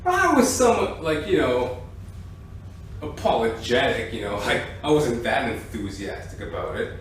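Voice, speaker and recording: A man's voice: mid-range voice, very animated, normal speed. A man telling a rambling, profane comic story, recorded at a distance in an echoey room with faint noise. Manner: profane, rambling, keeps saying "ladies and gentlemen". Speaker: comedian. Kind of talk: rambling stand-up rant.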